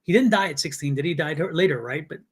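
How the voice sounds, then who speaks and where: A man's voice: on the high side, lively intonation, fast, husky. A man doing a live psychic reading, searching for impressions and thinking aloud in broken fragments. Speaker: psychic tarot reader.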